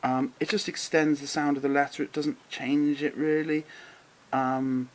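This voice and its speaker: A middle-aged man hosting a casual lesson, chatty and encouraging, who slows right down to sound out words with care. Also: a little high, level tone, rough recording. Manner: chatty, encouraging, drawn-out careful pronunciations. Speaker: model railway channel host. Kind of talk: casual explainer to camera.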